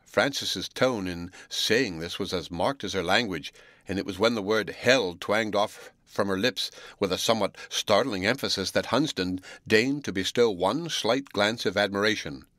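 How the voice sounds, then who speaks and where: A man with a fairly low voice reads a classic novel aloud. His storytelling is measured and even, recorded close and dry with no room sound. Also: no room sound. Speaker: audiobook narrator.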